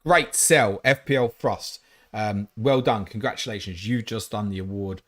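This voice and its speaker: A man's voice: on the low side, normal speed, a bit bright. A man hosting a live fantasy football stream, reading out chat questions and answering them bluntly, with casual swearing. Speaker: fantasy football livestream host.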